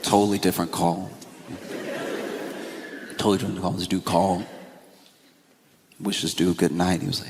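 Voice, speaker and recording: A man's voice: deep voice, level tone, moderate pace, gravelly, long pauses, darkish tone, in a large hall, slight background noise. A man doing stand-up comedy, telling a story loosely with laughs and fillers.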